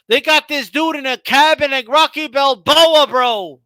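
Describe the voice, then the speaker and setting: A man hosting a casual boxing talk show, joking and animated, full of slang. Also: extremely high pitch, a little slow, hardly any pauses, dry recording. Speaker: boxing channel host. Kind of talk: casual chat.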